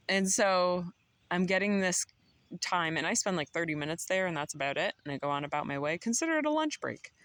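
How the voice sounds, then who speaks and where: A woman's voice: on the low side, expressive, brisk, a bit bright, no echo. Woman, 30s, casual emotional vlog storyteller, dry sound. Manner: emotional, laughing, talks to viewers as y'all. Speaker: vlogger.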